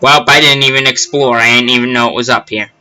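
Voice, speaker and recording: A man's voice: medium pitch, fairly even intonation, quick pace, bright, forceful tone, faint music behind, low-quality recording. A young man giving casual, rambling let's play commentary with self-deprecating asides. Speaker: gaming channel host.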